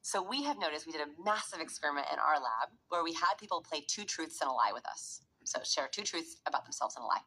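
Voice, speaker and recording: A woman with a deep, sing-song voice that sounds pushed, bright and slightly rough talks fast with few pauses, and the audio is poor. An adult parent who researches behavior, she explains her findings in an interview and acts out examples using voices.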